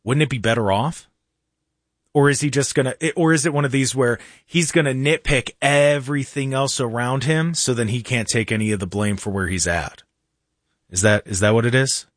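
A man hosting a casual political talk radio show in a studio, animated and mocking, with jokey asides. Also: medium pitch, normal speed, no echo.

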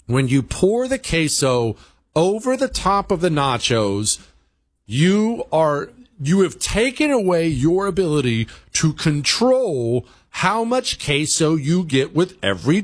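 Animated, exasperated male talk host. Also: fairly high pitch, dry recording, clean studio sound. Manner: exasperated, emphatic, talks to a co-host. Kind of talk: animated comedic rant.

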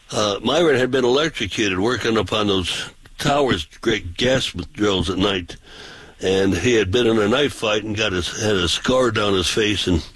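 A man's voice: on the low side, a bit bright, husky, no echo, rough recording. A man, a pastor, telling folksy, rambling anecdotes in casual talk-show style.

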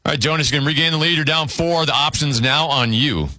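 A man hosting a word game show, briskly announcing scores, clues and whose turn it is. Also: fairly high pitch, pushed and bright, no room sound, studio quality.

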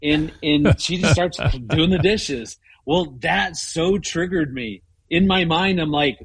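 A middle-aged man telling a story in a casual conversation, animated and full of restarts. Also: on the high side, slow, gravelly, few pauses, breathy edge, dry recording. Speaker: guest.

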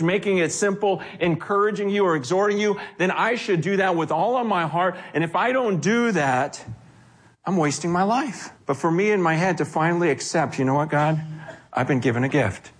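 Animated high-voiced male preacher. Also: moderate pace. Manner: animated, acts out quoted voices; frequent self-corrections and repeated words. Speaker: pastor. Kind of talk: sermon.

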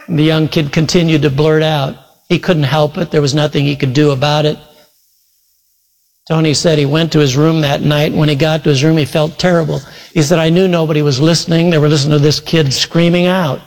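A male pastor preaching a sermon, retelling a story full of quoted speech, his pace shifting between slow and quick. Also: a little high. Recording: long hall reverb.

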